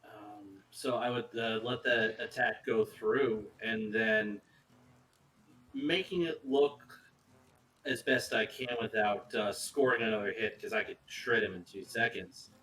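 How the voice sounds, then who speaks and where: A man with a lowish voice describes his character's moves in a tabletop game, halting and restarting as he thinks it through. His voice sounds a little set back from the microphone. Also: steady tone, sharp tone, recorded from a distance, low-quality recording. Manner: halting, many fillers and restarts. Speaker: player.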